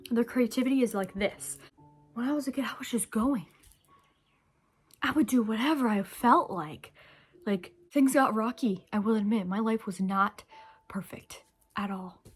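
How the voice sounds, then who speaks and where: A woman's voice: on the high side, moderate pace, husky, faint music behind. A young woman speaks to camera in a loose, rambling monologue. She gets emotional and sometimes sinks to a near whisper, and she chews candy while she talks. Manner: chewing candy while talking. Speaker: vlogger. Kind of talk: casual reflective monologue.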